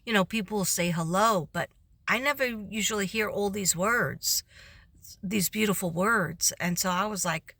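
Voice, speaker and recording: A woman's voice: mid-range voice, normal speed, creaky, pushed and bright, dry recording. A tired woman telling a rambling workday story in a casual vlog, laughing often and acting out what others said. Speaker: substitute teacher vlogger.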